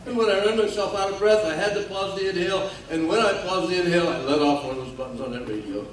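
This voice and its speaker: A man's voice: high-pitched, quick pace. Older man telling a war story in an echoey hall. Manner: folksy, self-mocking humor with laughs. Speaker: guest speaker. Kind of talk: storytelling speech. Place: large hall at a ceremony. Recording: echoey hall from far off, faint noise.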